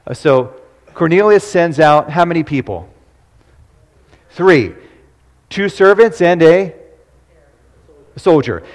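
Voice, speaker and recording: A man leading an interactive Bible study, quizzing his listeners and repeating key points. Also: fairly high pitch. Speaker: Bible teacher. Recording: long hall reverb.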